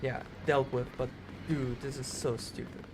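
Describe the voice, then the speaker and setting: Brief: male gaming streamer, casual rambling chat, clear game music in the background. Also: medium pitch, little pitch movement, a little slow, noisy background. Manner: rambling, with many fillers and self-interruptions.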